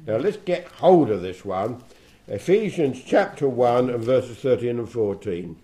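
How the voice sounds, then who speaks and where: A man leading a Bible study, reading scripture aloud slowly and then explaining it in a plain, conversational way with fillers and restarts. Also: medium pitch, expressive, dark tone. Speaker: Bible teacher.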